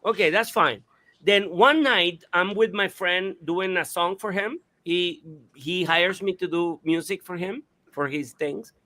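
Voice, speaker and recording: High-voiced man telling an animated story. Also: measured pace. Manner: animated, swearing, restarts and mimicked sounds. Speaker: radio show host. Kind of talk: casual storytelling on a talk show.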